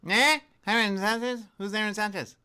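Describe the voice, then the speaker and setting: A man voicing a shrill, panicky man who fires accusing questions at a scam caller in a radio skit. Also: fairly even intonation, sharp tone, smooth. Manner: shrieking, rapid accusing questions.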